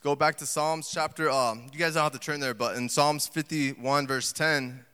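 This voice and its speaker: A man preaching a sermon in a lively, conversational way, full of asides and acted quotes. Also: on the high side, normal speed, clean tone, soft background music. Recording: long hall reverb.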